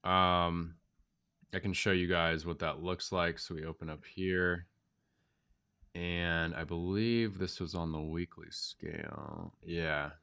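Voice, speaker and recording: Deep nasal man with a cold. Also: fairly even intonation, slow, creaky, sharp tone, smooth. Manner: thinks aloud, chatty and informal with frequent ums. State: has a cold. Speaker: crypto astrology channel host. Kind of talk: casual chart walkthrough.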